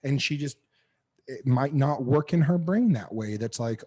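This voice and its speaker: A man in his thirties, a podcast guest, telling personal stories in a candid, animated way and swearing freely. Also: medium pitch, normal speed. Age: 30s. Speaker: podcast guest, knife maker. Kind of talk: casual interview chat.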